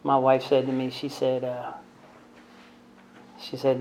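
A man's voice: mid-range voice, completely flat delivery, slow, a little mellow, a little hiss or hum. A man telling his recovery story to a group in a blunt, conversational way, often tagging lines with "right?" and "man", with self-deprecating humor. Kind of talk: candid storytelling talk to a group. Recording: dull lo-fi recording.

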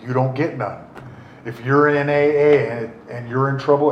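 In a steady, mid-range voice at a moderate pace, a middle-aged man rambles wryly through his recovery story, full of fillers and restarts. It's casual spoken storytelling, captured as dull audio with a roomy echo and faint background noise.

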